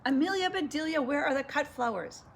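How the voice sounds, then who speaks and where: A woman's voice: sits high, lively intonation, fairly quick, vocal fry, a little hiss or hum, pitched above the performer's own voice. A woman reading a picture book aloud, voicing a flustered, proper lady of the house who scolds in exasperation. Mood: exasperated.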